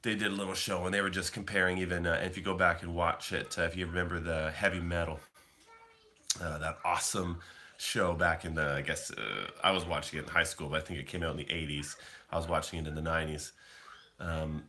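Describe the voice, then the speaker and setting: A man's voice: low voice, fairly even intonation, a little fast, bright, forceful tone. A man in his thirties from Canada, rambling casually to his livestream viewers and answering the chat. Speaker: livestream host.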